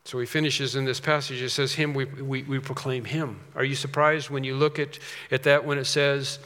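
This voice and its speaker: A man's voice: medium pitch, flat delivery, normal speed, a bit bright. A man preaching a sermon in an emphatic way, repeating his key phrases. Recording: long reverb of a large hall.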